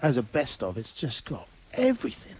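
Husky, lively English-born man chatting. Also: mid-range voice, moderate pace, rough recording. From England. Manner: rambling, playful, does silly voices. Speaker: radio show co-host. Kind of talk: casual chat.

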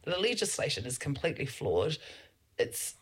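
A woman's voice: deep voice, big pitch swings, moderate pace, breathy edge. A middle-aged New Zealand woman, a politician talking as a podcast guest, telling stories in an earnest, advocating way. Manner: uses loose fillers and restarts. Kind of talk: casual interview talk.

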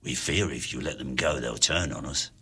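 Man doing a low gruff wolf, calm, husky. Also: normal speed, exaggerated voice. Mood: grave. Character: gruff deep male wolf, calm and watchful.

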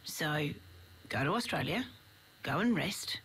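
A woman's voice: low voice, lively intonation, measured pace, fairly bright tone, husky. A woman in a casual radio chat about faith, talking easily, laughing often and acting out little quotes. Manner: chatty, laughs often, acts out short quotes.

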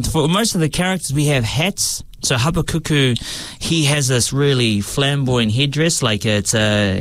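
A man's voice: medium pitch, a bit bright. A young man, a stage actor answering interview questions in a hesitant way, with many fillers and restarts.

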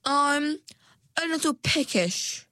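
A vain mermaid lady, as a woman reads her, with a raised, sugary voice full of posh endearments. She speaks slowly in a dry, close storybook sound. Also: sits high, expressive, bright, forceful tone, no echo, pitched above the performer's own voice, full character voice. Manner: falsely sweet, affected, posh endearments. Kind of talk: storybook narration.

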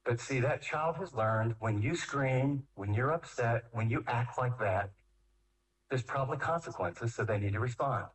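Man with a lively, acted-out delivery. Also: distant mic, poor audio. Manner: acts out parents and kids, swings between loud scolding and slow deep calm. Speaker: speaker on parenting. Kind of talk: animated talk with acted-out voices.

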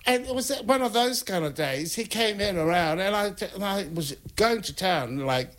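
A man, a guest telling animated anecdotes, laughing often and acting out what people said. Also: sits high, moderate pace. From North Island of New Zealand. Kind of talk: anecdotal storytelling.

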